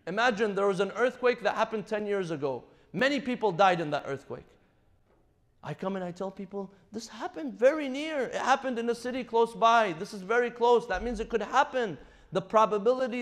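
A man's voice: high voice, a bit bright. A man giving a Ramadan night sermon, telling a prophet's story and reciting verses between his retellings. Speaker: imam. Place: mosque or Islamic center.

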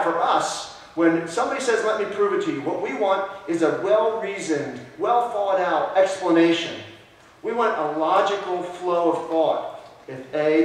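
A man's voice: sits high, a little hiss or hum. A male pastor preaching a sermon in a conversational way, often asking his congregation questions. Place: church sanctuary. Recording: echoey church room, voice from a distance.

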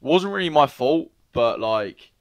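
A young Englishman co-hosting a podcast, racing through a story with excitement. His pitch swings up and down lively, and he keeps breaking into voices for the people in it. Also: unhurried. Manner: animated, excitable, acts out voices. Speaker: podcast co-host. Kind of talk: casual storytelling chat.

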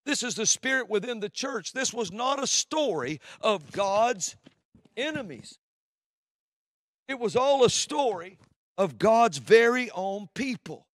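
A man preaching a sermon from the pulpit, swinging between loud declarations and hushed, low passages. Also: big pitch swings, a little slow, dry recording, clean studio sound.

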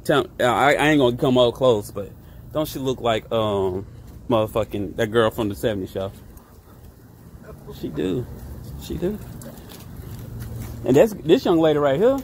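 A man's voice: mid-range voice, animated, a little slow, pauses often, slight background noise. A man driving home from work, trash-talking passersby in profane, joking commentary from inside his vehicle. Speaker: vlogger. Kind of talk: casual comedic commentary while driving.

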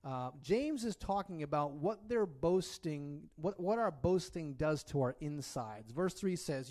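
A man's voice: on the high side, lively intonation, measured pace, few pauses, a little mellow. A man preaching a sermon in a conversational way, often checking in with his listeners and delivering it expressively. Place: church.

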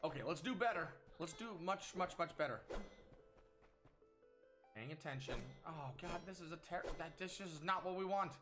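A man giving casual, excitable commentary while playing a game at home, exclaiming often and talking to himself. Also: on the high side, moderate pace. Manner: excitable, frequent exclamations, self-talk. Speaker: gaming channel host. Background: game music.

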